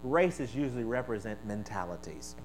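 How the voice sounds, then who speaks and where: A male pastor preaching a sermon, leading call-and-response and swinging from quiet asides to shouted exclamations, originally from the American East Coast. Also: on the low side, expressive, moderate pace, a little hiss or hum, poor audio.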